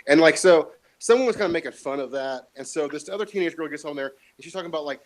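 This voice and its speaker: A man's voice: fairly high pitch, fast talker, few pauses, slight background noise, poor audio. A man in casual chat, rambling and opinionated, with lots of fillers and swearing.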